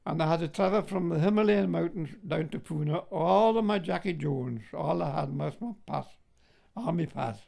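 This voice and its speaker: With a slightly high voice, vocal fry, and a dark tone, an older man from Scotland shares war memories in an interview at a moderate pace. He often chuckles and leans on the phrase "like, you know."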